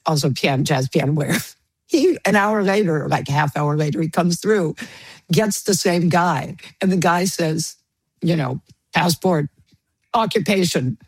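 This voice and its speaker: A woman radio host and jazz pianist telling an animated anecdote, laughing and acting out the voices of the people in it. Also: low-pitched, a little slow, slightly rough, dry recording. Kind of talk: storytelling anecdote.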